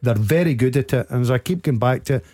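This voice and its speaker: An ex-player talking football on the radio, animated and emphatic, and audibly out of breath as he talks. He has an ordinary middle pitch and a dry, close studio sound. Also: quick pace, no echo. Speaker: football pundit, former player.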